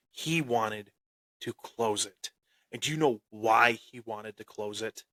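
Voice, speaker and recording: A man's voice: mid-range voice, fairly bright tone, dry recording. A man hosting a wrestling podcast, telling a boastful, taunting story in his wrestling persona. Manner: swaggering, taunting, dramatic. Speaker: podcast host.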